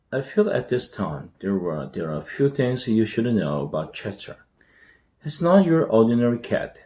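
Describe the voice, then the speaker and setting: A man's voice: lowish voice, mellow. A man from Korea, reading an English children's book aloud as practice, with careful phrasing and small restarts. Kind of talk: storybook read-aloud practice.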